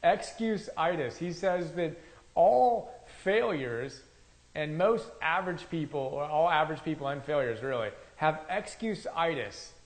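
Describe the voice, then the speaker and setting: A man's voice: fairly high pitch, expressive, a little slow, rough recording. A man giving an enthusiastic, conversational review of a motivational book, often checking in with "right?".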